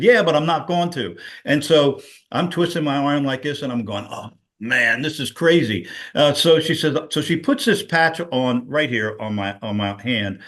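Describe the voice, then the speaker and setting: A man's voice: medium pitch, a bit bright. A middle-aged man recounting a personal story on a video call, rambling, with many fillers. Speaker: guest sharing a personal story. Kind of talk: casual testimonial on a video call.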